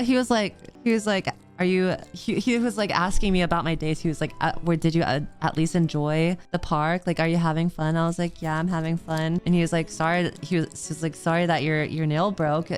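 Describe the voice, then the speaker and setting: Woman, streamer, casual rambling chat, lots of giggles, slightly low voice. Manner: rambling, giggly, heavy use of "like".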